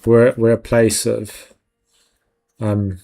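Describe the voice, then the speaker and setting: A man's voice: on the low side, little pitch movement, drawn-out words, vocal fry, warm tone. A man hosting a live stream, chatting casually and jokingly with viewers while he works, laughing often. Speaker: 3D art stream host.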